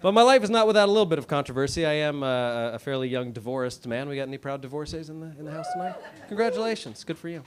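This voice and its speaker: An American man in his thirties does stand-up in a comedy club, his fairly high voice animated and fast with hardly any pauses. His delivery is wry, self-deprecating and conversational, and the audience laughs in the background.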